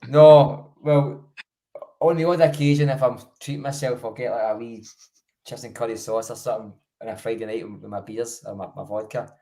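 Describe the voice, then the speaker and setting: A man's voice: medium pitch, fairly even intonation, normal speed, mellow. Sweary rambling Scottish man in his thirties. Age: 30s. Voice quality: sweary, rambling, self-mocking storyteller. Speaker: podcast co-host. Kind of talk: casual chat.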